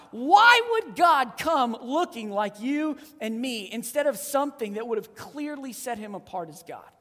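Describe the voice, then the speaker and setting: A preacher in their thirties or forties gives a sermon, swinging between loud emphasis and hushed, low, weighty lines. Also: very animated, unhurried, hardly any pauses. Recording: long reverb of a large hall.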